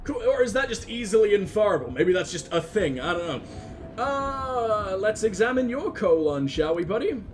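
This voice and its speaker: A man rambling excitably through gameplay commentary, swearing freely. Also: high-pitched, normal speed, a little hiss or hum. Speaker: let's play host.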